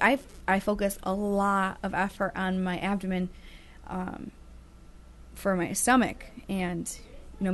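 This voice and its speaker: A woman co-hosting a casual web talk show, chatty and encouraging, with playful teasing. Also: medium pitch. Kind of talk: casual chat.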